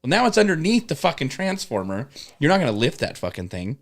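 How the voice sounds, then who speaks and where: A man's voice: fairly high pitch, very animated, fast, vocal fry. A man telling rambling work stories in casual chat, swearing often and acting out coworkers. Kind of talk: casual storytelling with profanity.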